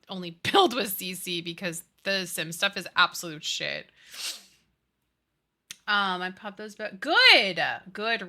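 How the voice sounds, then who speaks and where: A woman's voice: mid-range voice, bright, forceful tone. A woman streaming, chatting casually with her chat and ranting with lots of swearing. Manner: chatty, profane, ranting, reads chat aloud. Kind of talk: casual live-stream chat while building.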